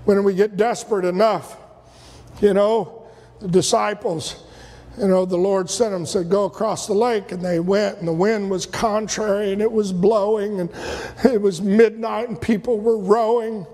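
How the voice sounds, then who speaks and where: A man preaching a sermon, retelling scripture stories and acting out the voices, sometimes rising to shouts. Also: high voice, fairly even intonation, moderate pace. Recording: long hall reverb.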